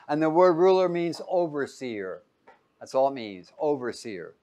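Emphatic male preacher quizzing his flock. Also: on the high side. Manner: quizzing listeners with fill-in-the-blank questions; emphatic, loud when reading scripture aloud. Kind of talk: Bible-teaching sermon with call-and-response.

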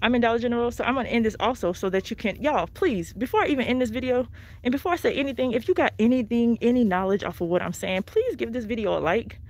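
A woman's voice: fairly high pitch, fast talker, darkish tone. A woman hosting a chatty live shopping vlog on her phone, talking to viewers as she walks through a store. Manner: chatty, addresses viewers as y'all. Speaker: couponing vlogger. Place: inside a discount store. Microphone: phone held while walking. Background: faint store noise.

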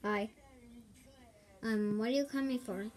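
A woman's voice: on the high side, slow. A woman giving casual gameplay commentary, hesitant and giggly, with lots of ums. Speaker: gamer.

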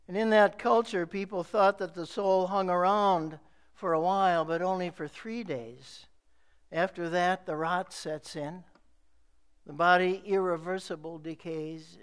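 A middle-aged male pastor delivering a sermon in a slow, measured preaching manner with emphatic repeated phrases. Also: sits high, clean tone.

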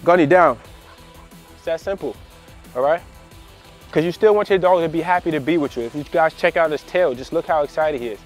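A man's voice: a little high, brisk, darkish tone, faint music behind. A man working as a dog trainer, talking casually to the camera while training his dog, repeating phrases and tagging on "all right" and "you know" as he goes. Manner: gives short commands to his dog. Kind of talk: casual instructional talk to camera.

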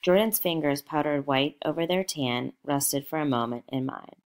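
A woman narrating a novel aloud in a measured, expressive storytelling manner. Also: low voice. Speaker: audiobook narrator.

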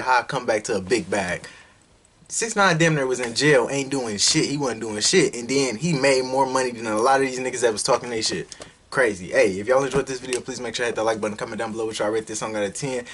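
A man reacting to a music video in a casual vlog, loud and excitable, full of street slang and swearing. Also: medium pitch, husky.

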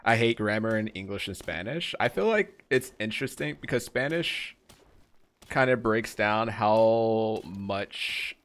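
A man's voice: fairly low pitch, lively intonation, a little slow, a bit bright. A young man live-streaming a game, chatting casually and rambling to his viewers, greeting them by name.

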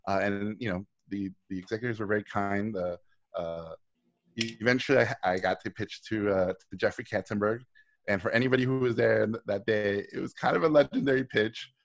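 A man's voice: lowish voice, fairly even intonation, brisk, vocal fry. A middle-aged man, a guest on a live video call, telling stories animatedly, acting out quoted voices and swearing freely. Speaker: guest speaker. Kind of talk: casual storytelling on a live video talk.

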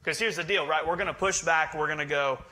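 A man's voice: on the high side, fast talker, pushed and bright. A male pastor preaching a sermon in a joking, conversational way, teasing his congregation. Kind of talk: humorous sermon.

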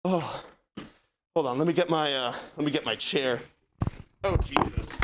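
A man's voice: on the high side, moderate pace, pauses often, a little hiss or hum. Breathless joking young man streamer. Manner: joking, rambling, self-mocking. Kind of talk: casual livestream chat.

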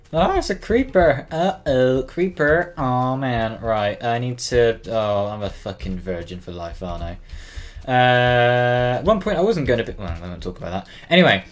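A teenage boy from Cornwall, England, hosts a gaming channel, offering casual, flustered gameplay commentary in a sing-song, mid-range voice at a moderate pace. He swears often and yelps when something scares him.

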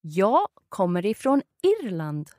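Lively Swedish woman teaching her language. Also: mid-range voice, slow pace, no room sound, studio quality. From Sweden. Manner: encouraging, models words clearly. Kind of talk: conversational language lesson.

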